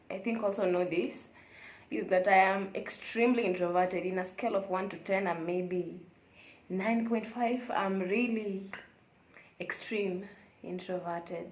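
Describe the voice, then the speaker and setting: Chatty young woman in an echoey room. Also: medium pitch. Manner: chatty, reflective and candid. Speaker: vlogger. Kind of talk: casual confessional vlog chat. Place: hotel room.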